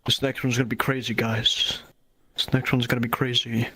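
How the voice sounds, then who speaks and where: A man's voice: mid-range voice, little pitch movement, fairly quick, sharp tone, husky, rough recording. Man doing a silly fake-Geordie announcer. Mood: hyping. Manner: hyped, repetitive hype-man delivery.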